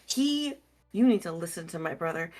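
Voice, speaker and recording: A stern, protective young woman, played by a woman scolds sharply in a low voice. She sounds firm and no-nonsense. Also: lively intonation, normal speed, a little mellow, lightly acted.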